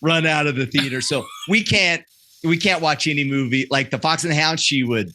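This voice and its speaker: Bright, earnest man telling a story. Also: fairly high pitch, a little fast, slight background noise. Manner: earnest, self-correcting storyteller with frequent restarts. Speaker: podcast guest. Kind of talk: candid conversational interview.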